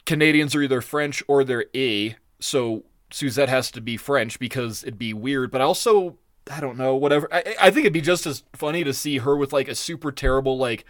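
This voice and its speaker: A man's voice: medium pitch, a little fast, no echo, studio quality. A man co-hosting a podcast, reviewing a cartoon episode in casual, profane, ranting chat. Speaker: podcast co-host.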